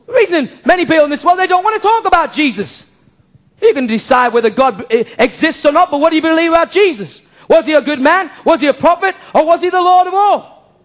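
A man with a strikingly high voice preaches a sermon to a congregation in church. He is impassioned, fires off rhetorical questions and now and then rises to a shout. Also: expressive, fast talker. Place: church service before a congregation.

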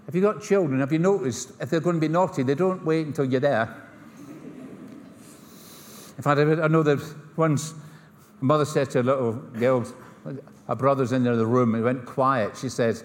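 A middle-aged man with a Scottish accent delivers a sermon in a slightly raised pitch, spinning stories with wry humor and voicing the people in them. His words carry a long reverberant tail from the large hall around him. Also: moderate pace, fairly bright tone, a little hiss or hum. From Scotland. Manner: storytelling, humorous asides, acts out dialogue. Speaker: pastor.

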